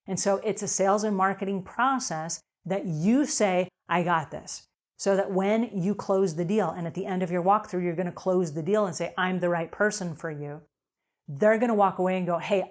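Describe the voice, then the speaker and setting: A middle-aged woman with a slightly low voice hosts an advice show with lots of energy. She talks emphatically and keeps acting out little snippets of dialogue to make her points. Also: darkish tone. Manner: upbeat, emphatic, acts out quotes. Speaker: host answering cleaning questions.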